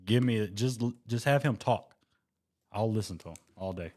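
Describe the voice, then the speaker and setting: A man's voice: fairly low pitch, normal speed, a little mellow. A man co-hosting a casual podcast, joking and hyped as he talks in bursts. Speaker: podcast co-host.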